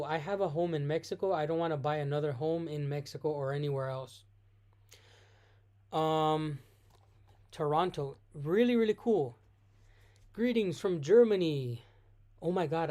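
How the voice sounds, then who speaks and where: Reading viewer questions from the chat, this American live-streamer answers off the cuff in a relaxed Q&A. Their medium-pitched voice has a warm tone, and they restart and correct themselves often.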